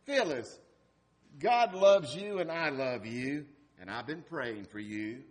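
A man voicing an elderly devout woman, a cheerful dying patient, in an earnest and gently insistent way. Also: medium pitch, expressive, slow pace. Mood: loving.

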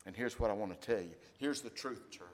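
A man preaching a sermon, addressing his congregation directly with questions and swinging between loud exclamations and quiet asides. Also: lowish voice, fairly quick.

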